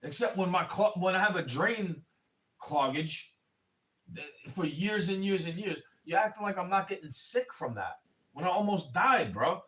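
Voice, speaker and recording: A man with a somewhat high voice rants through a rambling, profane livestream monologue and keeps calling his listener bro. His anger rises into loud bursts. He sits a bit back from the microphone, so the sound sits at a small distance. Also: expressive, normal speed. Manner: angry, rising to shouting in bursts. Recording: voice a bit far from the mic.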